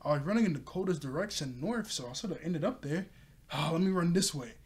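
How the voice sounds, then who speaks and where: A man's voice: a little high, animated, fast talker, lightly acted. A man doing a clueless young pirate captain. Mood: puzzled.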